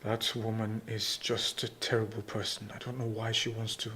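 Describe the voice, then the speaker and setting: A man's voice: fairly low pitch, flat delivery, normal speed, sharp tone, slight background noise. An actor playing a young man with a Nigerian accent, earnestly defending himself to his girlfriend.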